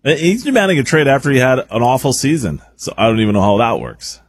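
A man of medium pitch hosts an afternoon sports segment on the radio. He reads updates in a relaxed, conversational way and drops in the odd "uh." His voice is close and dry. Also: quick pace, no echo. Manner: conversational, relaxed delivery with filler "uh"s.

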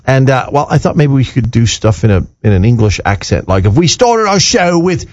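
A man's voice: medium pitch, fairly quick, a little mellow, no room sound. A man hosting a radio show with jokey, chuckling banter. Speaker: radio host. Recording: dull dry radio studio.

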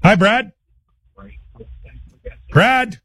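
A man's voice: high voice, very slow, fairly bright tone, slightly rough, no echo. A man hosting a live call-in radio quiz show, chatty and upbeat, taking listener guesses. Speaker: radio talk show host.

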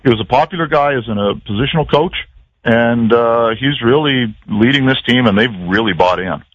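A man's voice: medium pitch, normal speed, dry recording, highs cut off. A man, a football play-by-play announcer chatting as a radio guest and telling stories in a self-deprecating way. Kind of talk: casual radio chat.

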